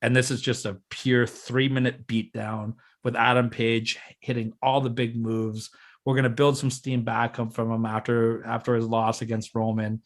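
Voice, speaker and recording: A man's voice: mid-range voice, normal speed. Casual man laying out wrestling plans. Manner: excited, teasing, lays out plans step by step. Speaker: podcast co-host booking a fantasy wrestling show. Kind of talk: casual chat.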